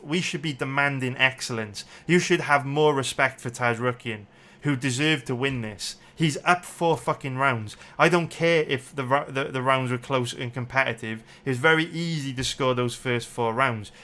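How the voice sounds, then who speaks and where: With a sharp tone in a mid-range voice at ordinary speed, the MMA betting analyst rages through his breakdown of the fight. He takes it round by round, swearing and repeating himself more as he winds up.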